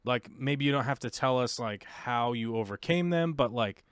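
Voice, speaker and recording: American man, casual live-stream host, rambling chatty talk, smooth clear voice, dry close sound. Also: medium pitch, moderate pace, no room sound. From United States. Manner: rambling, many fillers and restarts, chatty. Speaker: host of aquarium livestream.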